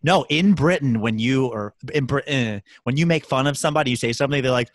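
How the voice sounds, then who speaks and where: A man co-hosting a casual podcast chat, teasing and animated, slipping into sung bits and mock voices. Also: medium pitch, quick pace, hardly any pauses, dry recording. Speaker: podcast co-host.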